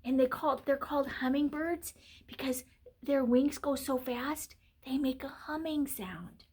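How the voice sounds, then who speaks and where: A woman reading a children's picture book aloud, animated, with gasps, whispers and playful animal sounds. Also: high voice, unhurried.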